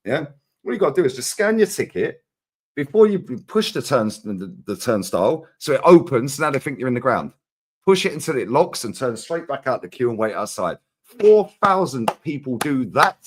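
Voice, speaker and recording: A man's voice: mid-range voice, very animated, normal speed. A man, a co-host in a casual football chat, talking in street slang and swearing freely. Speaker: co-host, Arsenal fan.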